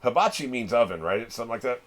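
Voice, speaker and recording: Speaking fast in a sing-song, medium-pitched voice, a middle-aged man hosts a reaction video. He chats casually as he watches, laughing often and swearing freely.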